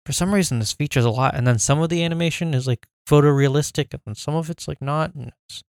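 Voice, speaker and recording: Gravelly-voiced man co-hosting a chat. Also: a little high, fast, no echo, clean studio sound. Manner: relaxed, joking banter. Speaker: podcast co-host. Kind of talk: casual chat.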